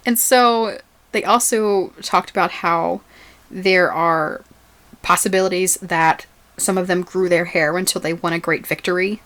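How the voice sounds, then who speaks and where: A woman's voice: lowish voice, fairly even intonation, a little slow, a bit bright. A woman co-hosting a podcast, chatting casually and often laughing as she recaps a TV episode. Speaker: podcast co-host.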